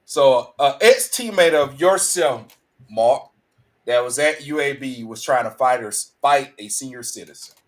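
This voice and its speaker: A man co-hosting a casual sports talk show, halting and teasing as he sets up a topic. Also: medium pitch, lively intonation. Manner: halting, restarts often, teasing. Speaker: co-host.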